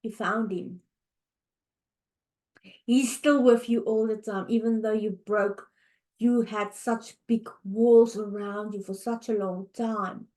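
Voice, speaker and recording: A middle-aged woman hosting a podcast, talking in a heartfelt, halting way, tired and close to tears. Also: mid-range voice, fairly even intonation. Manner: heartfelt, halting, with restarts and soft fillers. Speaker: podcast host. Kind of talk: emotional personal monologue. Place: home, early morning.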